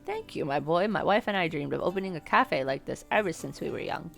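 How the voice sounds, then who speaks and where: A woman reading a gentle old cafe owner. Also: deep voice, expressive, brisk, gravelly, soft background music, heavily acted. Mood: fond. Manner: gentle, old-fashioned, polite.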